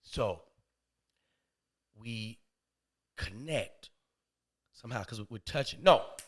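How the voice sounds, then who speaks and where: A man guest on a podcast telling a comedic story, slangy and profane, dropping to low murmurs and then bursting out loud. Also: takes it slowly, slightly rough. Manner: animated, swings between low murmurs and loud outbursts.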